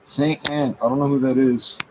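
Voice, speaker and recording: A man's voice: mid-range voice, fairly even intonation, moderate pace. Man, reading aloud, scornful, swears, argues with the text, dull sound, faint background noise. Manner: scornful, swears often, talks back to the text. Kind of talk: reading a page aloud and arguing with it.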